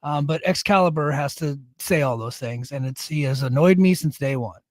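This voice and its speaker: A man's voice: fairly high pitch, moderate pace, no room sound, studio quality. A man co-hosting a podcast in casual chat, blunt and opinionated, swearing freely. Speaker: podcast co-host.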